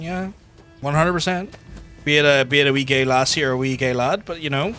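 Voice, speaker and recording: A man's voice: on the high side, brisk, sharp tone. A young Irish man chatting casually on a gaming livestream, blunt and sweary, full of restarts and fillers. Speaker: gaming streamer. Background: game music.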